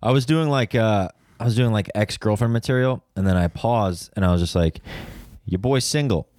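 A man's voice: fairly low pitch, brisk, darkish tone, no room sound, studio quality. A young man, a stand-up comedian, chatting in a laid-back way in casual podcast talk. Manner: laid-back, short agreeing replies.

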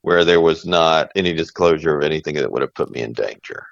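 Deep gravelly male therapist. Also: fairly quick, dry recording. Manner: relaxed, joking, trails off mid-sentence. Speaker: therapist, podcast co-host. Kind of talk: casual podcast chat. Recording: dull, dry lo-fi sound.

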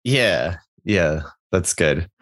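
A man's voice: low-pitched, expressive, extremely slow, a bit bright, no echo. A man co-hosting a podcast, chatting casually and joking in an easygoing way. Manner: joking, easygoing, lots of restarts. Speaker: podcast co-host. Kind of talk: casual chat.

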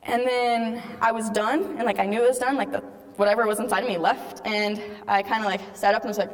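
A woman's voice: a little high, fairly even intonation, fairly quick. A young woman telling an earnest faith testimony to a live audience, casual in tone with many "like"s. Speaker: speaker giving a faith testimony. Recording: long hall reverb.

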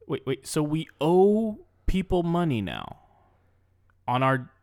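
Man, comedy podcast co-host, improvised banter, bewildered, playful, lively swinging pitch. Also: takes it slowly. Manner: bewildered, playful, bursts into mock outrage.

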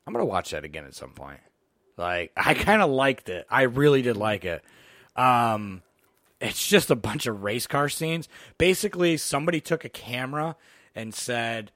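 A middle-aged man co-hosting a podcast, his voice sitting at an ordinary pitch. He rambles through movie plots in loose, profane, animated chat. The sound is close and dry, with no room around it. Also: no room sound. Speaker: podcast co-host. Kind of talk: casual chat about movies.

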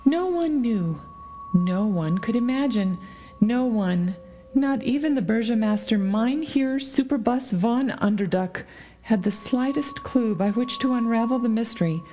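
Mellow-voiced woman reading a story aloud. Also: fairly high pitch. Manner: expressive storytelling reading with dramatic pauses. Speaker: audiobook reader. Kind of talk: scripted narration.

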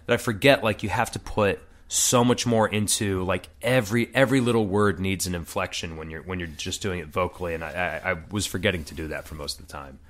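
A man with a fairly low voice talks casually about improv. He rambles along, filling his sentences with "like" and "you know." His speech is loose and conversational. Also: fairly quick, few pauses, fairly bright tone. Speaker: improv performer.

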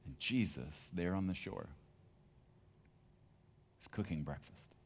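A male pastor with a very deep, low voice delivers a sermon. He talks in a conversational, emphatic way, like telling a story to his congregation. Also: takes it slowly, slight background noise.

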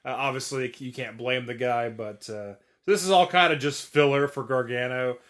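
A young man co-hosts a chatty podcast, his voice bright and forceful at a mid pitch. He teases his partner with quick, dry wit. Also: steady tone. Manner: teasing, quick-witted. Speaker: podcast co-host. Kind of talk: casual podcast banter.

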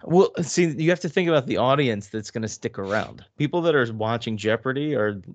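A man's voice: medium pitch, expressive, fairly quick. A man co-hosting a casual hockey podcast, chatty and rambling. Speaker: podcast co-host. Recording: dull, dry sound.

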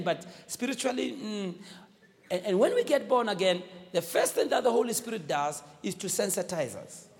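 A man preaches with a high, swooping voice that rises and falls widely as he exhorts his congregation and calls for their replies. His sermon carries the long echo of a church hall. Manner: exhorting, call-and-response with the congregation.

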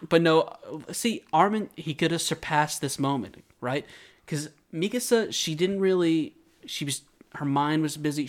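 A young man co-hosting a casual podcast, arguing animatedly and jokingly raising his voice. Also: fairly high pitch. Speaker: podcast co-host. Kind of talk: casual anime recap chat.

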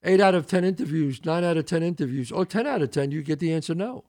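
A man hosting a podcast, talking with his guest in a blunt, salty way and telling wry stories of his own. His voice sits high for a man and swings widely in pitch. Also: animated, fast, a little mellow. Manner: blunt, swears freely, tells wry stories. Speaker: podcast host. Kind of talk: casual podcast chat.

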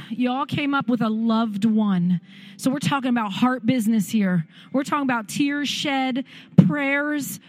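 A woman pastor preaching and praying fervently at a church service, with music behind her. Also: sits high. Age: adult parent. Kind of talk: sermon and prayer.

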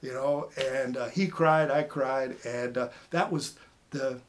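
A man's voice: mid-range voice, slow. A middle-aged man from Maine, a former TV hunting show host, telling stories casually as a podcast guest and acting out the voices of the people in them. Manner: animated storyteller who acts out quoted voices. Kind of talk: casual storytelling.

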